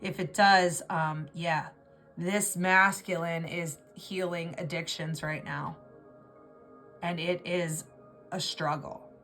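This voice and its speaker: A woman's voice: lowish voice, steady tone, takes it slowly, a bit bright, soft background music. A woman giving an intuitive tarot reading, talking in an emotional, rambling way and often restarting her words. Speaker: tarot reader.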